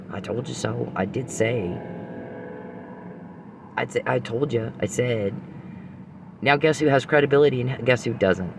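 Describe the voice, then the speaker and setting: A man's voice: mid-range voice, fairly bright tone, slight background noise. A man hosting a podcast, ranting angrily and profanely straight at an adversary. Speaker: podcast host. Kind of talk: angry monologue.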